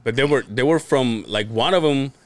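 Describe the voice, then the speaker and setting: A man's voice: mid-range voice, normal speed, dry recording. A man co-hosting a podcast, telling profane work stories in casual chat and laughing often. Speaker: podcast co-host.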